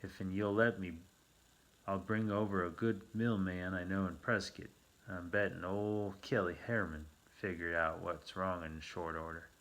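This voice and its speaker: A man voicing a whiny, grumbling male mill man from the frontier West who talks in rough slang. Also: deep voice, little pitch movement, moderate pace, a bit bright.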